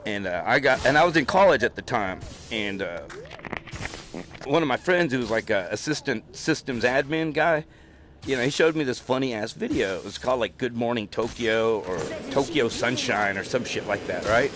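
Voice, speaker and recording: A man's voice: mid-range voice, expressive, normal speed, a bit bright, a little hiss or hum. A man telling a long story in casual chat, profane and rambling, with many fillers. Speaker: podcast host.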